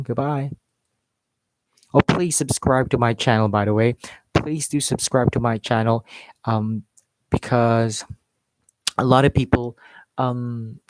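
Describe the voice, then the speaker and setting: Male accent coach, casual live-stream lesson, mid-pitched voice, dry close mic. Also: darkish tone, no room sound. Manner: explains with modeled examples and filler words. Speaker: English accent teacher.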